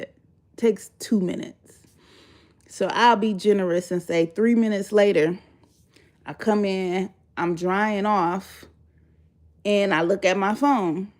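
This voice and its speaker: A woman, a mother of three, telling a storytime vlog in a lively, profane way, her voice leaping high on exclamations. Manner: animated, profane, jumps high when exclaiming.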